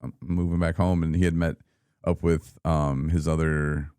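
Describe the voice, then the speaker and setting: A man in his thirties from Michigan, telling his own story in a casual, animated podcast chat and acting out what people said. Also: rumbling low, moderate pace, clear, resonant tone, dry recording, clean studio sound. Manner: animated, laughing, acts out quoted people. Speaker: podcast guest.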